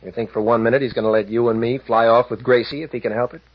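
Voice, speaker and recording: An actor playing a calm, decisive adventurer pilot captain with a steady, commanding manner and a husky voice, in 1940s radio acting style. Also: male voice, mid-range voice, fast, no room sound, lightly acted. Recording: dull, dry old radio broadcast.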